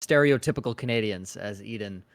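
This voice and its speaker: A man's voice: lowish voice, fairly quick, creaky. Rambling male esports co-caster. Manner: rambling, hesitant with fillers. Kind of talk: esports match commentary.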